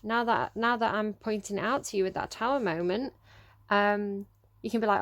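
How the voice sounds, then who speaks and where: A woman's voice: medium pitch, normal speed, a bit bright, no echo. A woman giving a casual tarot reading straight to her viewers, earnest and coaxing, laughing often between points. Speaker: tarot reader.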